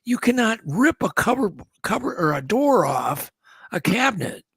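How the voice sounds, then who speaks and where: Guy telling a story, kinda high for a man, really gravelly, acts out the other people. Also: sing-song, normal speed, a bit bright, no room sound. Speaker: guest. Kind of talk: casual storytelling on a radio show.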